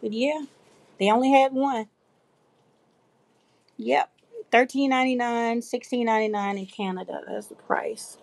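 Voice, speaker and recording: A woman's voice: a little high, fairly even intonation, unhurried, vocal fry, long pauses, dry recording. Chatty woman hosting a live stream. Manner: chatty, talks straight to viewers and reads out comments. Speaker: craft livestream host. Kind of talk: casual livestream chat.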